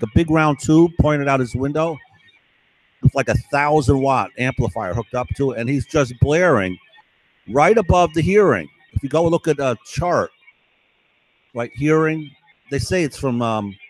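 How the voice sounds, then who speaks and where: A man's voice: medium pitch, no room sound, rough recording. Aggrieved, rambling man, dry sound. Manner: rambling, insistent, keeps asking "right?"; aggrieved, conspiratorial tone. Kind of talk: casual monologue to camera.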